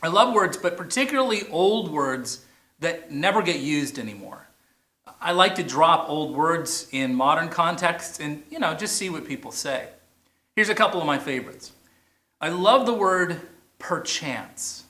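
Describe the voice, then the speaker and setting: A man's voice: on the high side, lively intonation, normal speed, sharp tone, roomy sound. A man preaching a sermon as pastor, playful, stretching out single words for emphasis. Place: church, message shown on a big screen outdoors.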